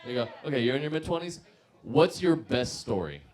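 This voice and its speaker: A man's voice: mid-range voice, sing-song, fairly quick. A man in his mid-twenties doing profane stand-up comedy and working the crowd.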